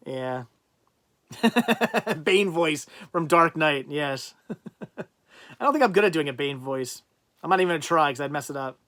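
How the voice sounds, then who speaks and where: A man hosting a casual livestream, rambling and thinking out loud as he reads out and answers viewers' chat comments. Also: a little high, animated, measured pace, long pauses. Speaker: livestream host.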